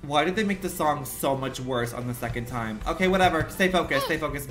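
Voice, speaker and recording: A man's voice: fairly high pitch, brisk, pushed and bright, faint music behind. Sassy, profane man streaming a game. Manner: sassy, profane, dramatic self-talk. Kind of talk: live gaming commentary.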